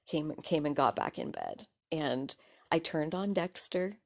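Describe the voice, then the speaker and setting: A young adult woman hosting her own podcast, telling a personal story in a casual, animated way, full of likes, restarts, laughs and swearing. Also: sits low, unhurried. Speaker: podcast host.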